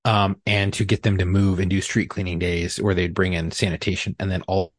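Husky low-voiced guy swearing a lot while telling a story, dry sound. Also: a little fast, no room sound. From California. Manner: profane, animated storytelling. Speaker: podcast co-host. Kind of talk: casual chat.

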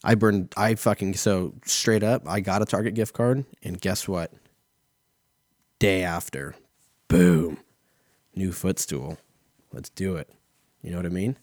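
A deep-voiced man in his thirties speaks a little slowly with a steady, darkish tone and long pauses. In a casual solo chat, he tells a rambling everyday story packed with heavy swearing and fillers like "like" and "you know." The studio-quality recording has no echo.

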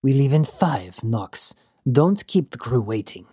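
A man's voice: medium pitch, big pitch swings, a little slow, mellow, breathy edge, no room sound, clean studio sound. A man reading an audiobook, voicing a huge, stern woman pirate who speaks in a sneering, curt way.

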